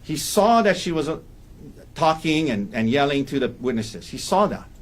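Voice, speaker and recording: A man's voice: fairly high pitch, sing-song, normal speed. A man giving a courtroom opening statement as defense attorney, emphatic and repeating key points for weight.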